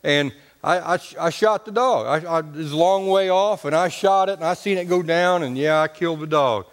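A man voicing his older father, telling a story in a halting, plain-spoken way. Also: fairly high pitch, big-room sound, pitched below the performer's own voice, close to an everyday voice. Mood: matter-of-fact. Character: old rural father telling a tale.

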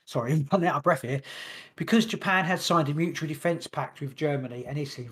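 A man hosting a podcast, reading long passages from his notes quickly and stumbling over words now and then. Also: mid-range voice. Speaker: podcast host. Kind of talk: casual podcast chat, reading notes aloud.

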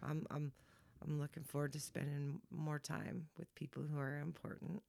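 A woman's voice: low-pitched, flat delivery, normal speed, creaky, mellow, no echo, clean studio sound. A woman in her forties co-hosting a podcast in casual chat, upbeat, laughing often and acting out quoted lines. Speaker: podcast co-host.

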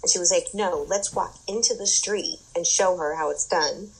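A young woman with a husky, slightly low voice tells a story in relaxed chat. She talks animatedly, full of "like" and "um", and she swears freely. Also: normal speed, rough recording. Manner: animated storytelling, frequent fillers, swearing, laughing. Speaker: guest telling a story. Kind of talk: casual chat.

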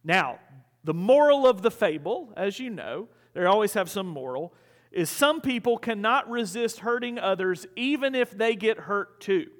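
A man's voice: high-pitched, a bit bright. A male pastor preaching a sermon in a conversational, storytelling way in a church. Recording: hall reverb.

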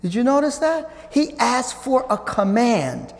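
Preacher, male, conversational Bible teaching, lively swings from loud to hushed, long reverb of a hall. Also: extremely high pitch, measured pace, vocal fry. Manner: conversational, addresses listeners as guys.

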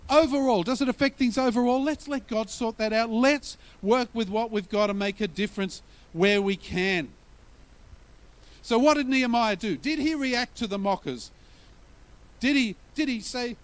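A man's voice: sits high, expressive, normal speed. A male pastor preaching a sermon in a conversational way, telling stories and using humor to explain scripture.

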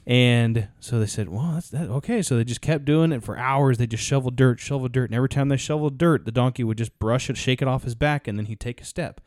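Talking fast with few pauses, the podcast co-host rambles through a casual story and keeps restarting. His voice is mid-range and darkish, recorded dry with clean studio sound.

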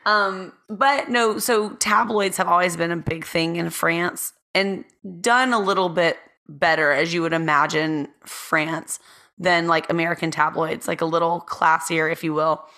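A woman co-hosting a podcast in easy, chatty conversation, tossing in laughing asides. Her voice sits a little low yet rings bright and forceful. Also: unhurried. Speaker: podcast co-host. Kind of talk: casual chat.

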